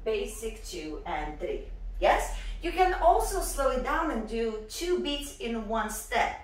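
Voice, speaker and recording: A young woman teaching a dance lesson in an upbeat way, counting the beats out loud. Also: on the high side, slow pace. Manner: lively, counts beats aloud. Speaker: dance instructor. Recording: echoey room from far off.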